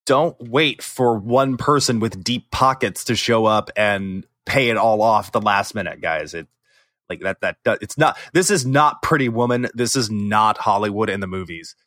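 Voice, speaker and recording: A man's voice: lowish voice, normal speed, fairly bright tone, dry recording, clean studio sound. A man co-hosting a gaming podcast in casual chat, rambling with many fillers and restarts, teasing his co-host. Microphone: remote call recording.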